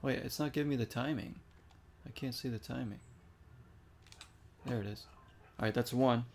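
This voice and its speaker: A man talking his way through a video game in a loose, chatty voice of middle pitch, reacting out loud as he plays. A faint hum of room ambience and keyboard clicks sits under his voice. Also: moderate pace, creaky. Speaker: gaming streamer. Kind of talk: casual gameplay commentary.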